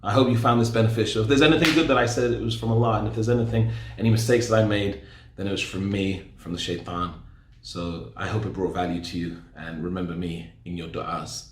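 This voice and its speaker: A man from England telling his own life story in an earnest way, acting out the dialogue with lively quoted voices. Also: lowish voice, a little fast, roomy sound, slight background noise. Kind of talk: personal testimony, storytelling.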